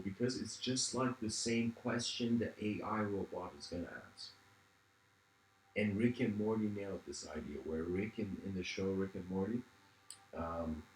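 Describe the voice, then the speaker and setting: A man's voice: on the low side, reverberant, a little hiss or hum, low-quality recording. A man giving a reflective livestreamed lecture. He meanders, restarts often and says "you know" a lot.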